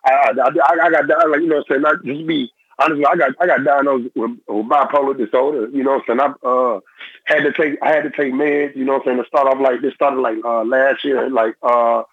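A young man, a former football player, talking in a phone-in interview in halting, repetitive phrases. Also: medium pitch, fairly even intonation, no echo. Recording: tinny phone line.

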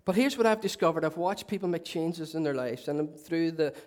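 A man's voice: on the high side, brisk, darkish tone. A man preaching a sermon to his church, chatty and self-mocking with joking asides. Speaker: pastor. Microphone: handheld mic.

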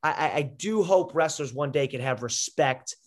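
A man's voice: mid-range voice, moderate pace. A young man, a podcast guest and former wrestler, telling stories casually with lots of fillers and restarts. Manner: rambling, filler-heavy storytelling. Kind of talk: casual conversation.

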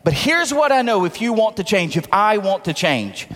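A middle-aged man pastor preaching a sermon, animated and humorous, with call-and-response to his congregation. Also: high voice, normal speed. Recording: long hall reverb.

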